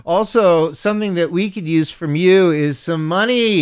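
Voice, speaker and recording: Playful jokey male radio DJ, smooth voice. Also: high-pitched, normal speed. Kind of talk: casual on-air donation pitch. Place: radio studio.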